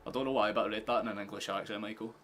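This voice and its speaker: This young Scot's voice sits on the low side and comes out rapid-fire, with faint music behind, as he streams his reactions to a football match. He's excitable, chatting to viewers, swearing constantly, and shouting when goals happen.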